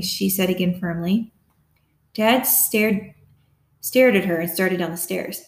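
A woman narrates a mystery novel in a steady storytelling manner, her voice sitting at a middle pitch. The recording carries a noticeable roomy echo. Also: unhurried. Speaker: audiobook narrator. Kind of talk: scripted narration.

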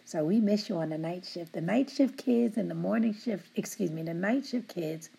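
A middle-aged woman who supervises a work team, giving them affectionate shout-outs and teasing them while laughing often. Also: lowish voice, normal speed, creaky, husky.

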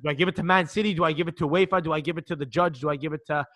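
A man co-hosting a casual sports podcast, his voice a touch high with a bright, sharp edge. He rambles through his points and keeps restarting sentences. He swears casually as he goes. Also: steady tone, racing. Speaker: podcast co-host.

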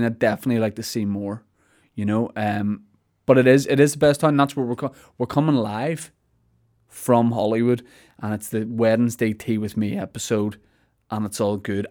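A man's voice: lowish voice, a little mellow. A man hosting his podcast from a studio, telling a comic story in a rambling, self-mocking way. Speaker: podcast host. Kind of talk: casual comic monologue.

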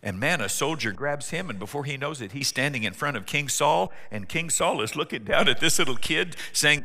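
Bright, animated preacher in a hall. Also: male voice, on the high side, brisk, few pauses. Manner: animated, joking storyteller. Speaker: pastor. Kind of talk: sermon. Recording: long hall reverb.

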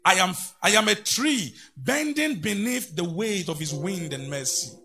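Fervent preacher, lively and high. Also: male voice, unhurried, creaky. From Ghana. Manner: fervent preaching with sung phrases and call-and-response. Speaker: pastor. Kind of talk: sermon.

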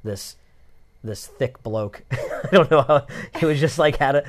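A man co-hosting a casual podcast about travel, talking in a halting, rambling way with many fillers and restarts. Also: mid-range voice. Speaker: podcast co-host.

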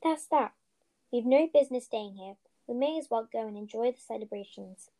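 A woman voicing an old, wise wizard man who speaks calmly and quietly. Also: fairly high pitch, moderate pace, lightly acted. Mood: gentle.

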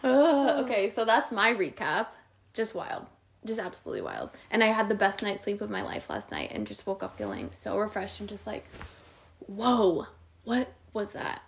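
A young woman co-hosting a casual podcast chat, telling a story with plenty of animation and a steady stream of "like"s. Her pitch sits right in the middle for a woman. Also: fairly quick, gravelly, slight background noise. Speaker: podcast co-host.

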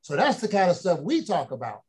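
A middle-aged man with a notably high voice tells stories about his father and daughters. He quotes family members in a folksy way, then builds up to emphatic, preacherly points for the audience. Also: sing-song, brisk, darkish tone, slightly rough. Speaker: speaker. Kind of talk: motivational storytelling talk.

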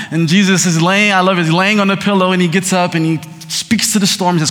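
A man preaching a sermon, moving between hushed scripture reading and excited, laughing storytelling. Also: high voice, quick pace, few pauses, big-room sound. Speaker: pastor.

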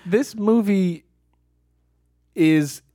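A man's voice: high voice, very slow, mellow, no echo. Joking man in a dry room. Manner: joking, argues his points. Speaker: podcast co-host. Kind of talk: casual chat.

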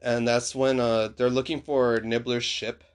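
A man's voice: mid-range voice, little pitch movement, a little slow, clean tone. A man chatting casually, retelling a story with lots of fillers and restarts. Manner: rambling, filler-heavy storytelling. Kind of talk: casual chat.

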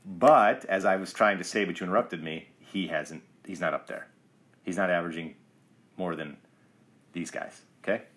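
A man's voice: low voice, normal speed, fairly bright tone. A middle-aged man co-hosting a casual sports podcast, teasing and quizzing his co-host.

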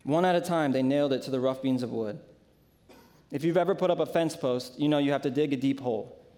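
A man preaching a sermon as pastor. He tells the scripture vividly and shares personal stories, with dramatic, deliberate phrasing. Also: mid-range voice, mellow.

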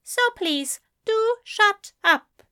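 A woman voicing a gentle male angel who speaks with emphatic, drawn-out affection. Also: very high voice, expressive, pitched above the performer's own voice, full character voice. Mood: tender. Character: fond, gentle male angel, scolding tenderly.

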